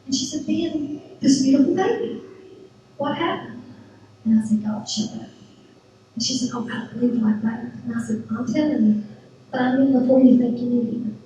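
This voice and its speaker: A middle-aged woman giving a church testimony, retelling events with lively quoted dialogue. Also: sits high, normal speed, recorded from a distance, slight background noise. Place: church sanctuary. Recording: very echoey church hall from afar.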